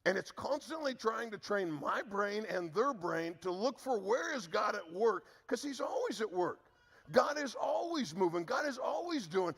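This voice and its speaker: Middle-aged male pastor, gravelly, earnest sermon delivery, drops low on key words. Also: very animated, moderate pace, a bit bright, big-room sound.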